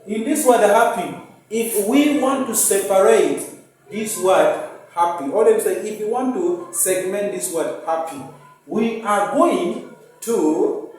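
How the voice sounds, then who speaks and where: A man's voice: high voice, slow pace, a little mellow. Patient male teacher in an echoey room. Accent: East African English. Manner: repeats words and rules patiently, sounding out syllables. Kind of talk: classroom phonics lesson. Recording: echoey room, mic at a distance.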